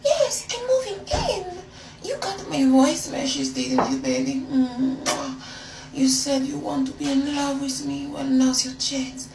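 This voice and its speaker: A woman's voice: high voice, sing-song, unhurried, vocal fry, echoey room, recorded from a distance, heavy background noise, voice pushed up, exaggerated voice. A woman putting on a fake French accent to play a flirty, coy version of herself, sweet-talking a man. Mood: feigning innocence. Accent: put-on French accent.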